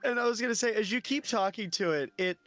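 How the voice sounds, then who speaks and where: A man's voice: high-pitched, quick pace, a bit bright, dry recording, faint music behind. A man narrating a tabletop game as game master, loose and rambling with many fillers.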